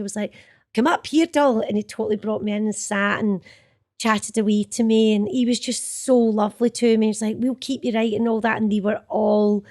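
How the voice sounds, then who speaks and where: A middle-aged Scottish woman, an actor, chatting in an interview and acting out the quotes in her stories. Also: mid-range voice. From Scotland. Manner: chatty, animated, acts out quotes. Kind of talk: casual storytelling interview.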